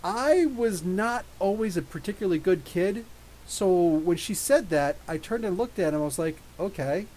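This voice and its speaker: A man in his thirties hosting a live podcast, reading viewer questions and telling rambling, animated stories. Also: sits high, normal speed, low-quality recording. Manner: rambling, animated storytelling with laughs. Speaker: podcast host. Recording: faint hiss.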